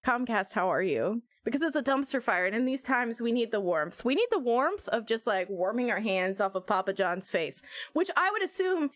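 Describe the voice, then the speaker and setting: A woman streamer chatting with her viewers, her voice bouncing up and down with lots of laughter. She sits a bit high in pitch and sounds close and dry on the mic, with no room sound around her. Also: moderate pace, no echo. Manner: animated, laughs often, jokey tangents. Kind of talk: casual live-stream chat.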